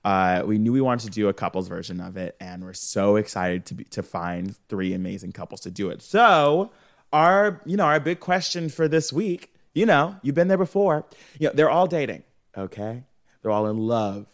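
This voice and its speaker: Loud sweary young guy cohost, super animated, big dramatic reactions. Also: on the low side, normal speed. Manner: brash, swearing, theatrical outbursts. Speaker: podcast co-host. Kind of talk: casual chat.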